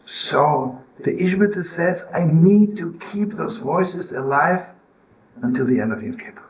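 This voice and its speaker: An older man giving an informal religious teaching, telling stories and asking "right?" and "you know?" to his listeners, rising to loud scolding when he acts out a harsh inner voice. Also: on the high side, lively intonation, measured pace, a little hiss or hum, poor audio. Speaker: rabbi and storyteller.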